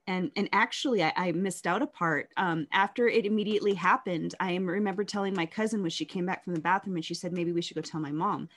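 A woman telling her life story in an interview, candid and reflective, often halting and restarting. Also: on the low side, a bit bright.

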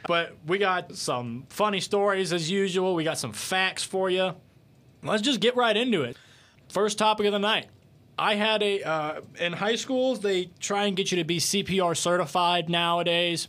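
A young man co-hosting a casual podcast, telling a funny story with a joking, animated manner. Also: sits high, moderate pace. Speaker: podcast co-host.

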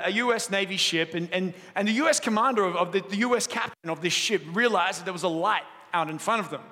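A man preaching a sermon as pastor, telling stories and joking lightly with the congregation. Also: high-pitched. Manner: lively storytelling, jokes with the room. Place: church auditorium. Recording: long hall reverb in a church auditorium.

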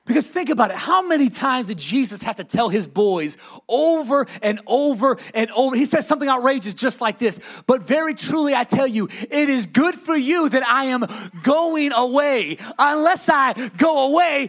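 A man preaching a sermon as pastor, building to shouted lines and calling on the congregation to repeat after him. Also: very high voice, lively intonation, normal speed. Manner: preaching, often rising to shouts, calls for congregation responses.

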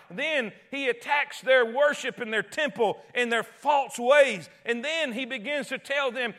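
A man with a high voice preaching a sermon. He repeats phrases and restarts often, driving his points home emphatically. He swings between loud cries and hushed, low tones. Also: moderate pace, hardly any pauses.

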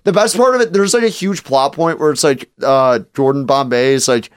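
Male co-host, mid pitch, rambling and animated, dry close mic. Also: fairly quick, clean tone, no echo. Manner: animated, rambling with lots of fillers. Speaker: podcast co-host. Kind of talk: casual chat.

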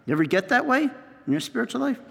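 A male priest giving a homily, telling a scripture story slowly and acting out its scenes. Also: very high-pitched, very animated, vocal fry, fairly bright tone, in a large hall.

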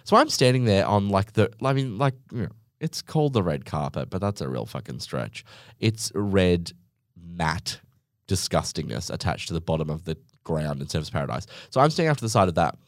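A young podcast host with a low-sitting voice speaks briskly and very animatedly, in a dry, clean studio recording. His casual monologue is a rambling, sarcastic story, heavy on "like" and full of tangents.

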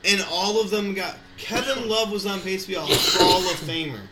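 A man's voice: sits high, normal speed. A man in casual chat, rambling and profane, talking animatedly with a friend. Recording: echoey room, faint background noise.

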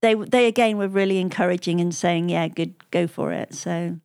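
A woman's voice: fairly low pitch, normal speed, vocal fry, a little mellow, smooth, dry recording, studio quality. A woman telling stories as an interview guest, chatting freely, laughing often and quoting the people she met. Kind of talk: conversational storytelling.

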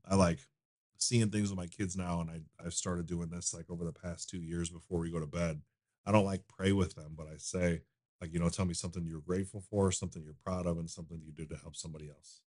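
A man with a very low voice talks openly in a podcast chat. He swears without a second thought and drops into soft, murmured asides. The sound is close and dry, with no room around it. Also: dry recording. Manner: candid, swearing freely, trailing into quiet asides. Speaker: podcast guest. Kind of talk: casual conversation.

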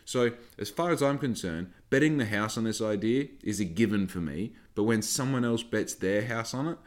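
Deep-voiced man rambling and swearing. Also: lively intonation, normal speed. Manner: swears freely, rambling and frank. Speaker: podcast host and small business owner. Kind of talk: casual rambling monologue.

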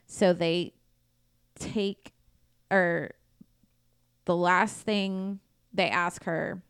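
A woman's voice: on the low side, gravelly, clear, resonant tone, dry recording, clean studio sound. A woman podcast host casually retelling a true crime case in a blunt, profane, conversational way.

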